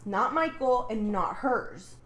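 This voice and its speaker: A woman's voice: on the high side, lively intonation, slow pace, a bit bright, reverberant. A woman co-hosting a podcast, casually retelling a story in a rambling way, with lots of fillers and swearing. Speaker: podcast co-host. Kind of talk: casual chat retelling a book plot.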